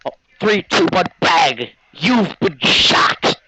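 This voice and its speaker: A man's voice: sits high, lively intonation, takes it slowly, sharp tone, husky, pitched above the performer's own voice, heavily acted, poor audio. A man voicing an upset, crying young boy who wails and pleads. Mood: threatening. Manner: whiny, wailing pleading.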